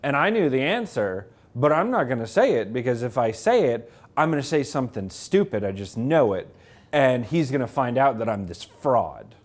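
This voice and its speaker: Animated man telling stories to an audience. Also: mid-range voice, moderate pace. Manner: animated, self-mocking, acts out quoted people. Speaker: author giving a library talk. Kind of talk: anecdotal storytelling to a live audience. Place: public library event room.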